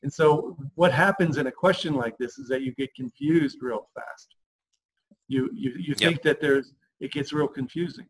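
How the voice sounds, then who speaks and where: Man, relationship coach, emphatic, acts out quotes, slightly high voice. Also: moderate pace, slightly rough, poor audio. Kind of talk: podcast coaching talk.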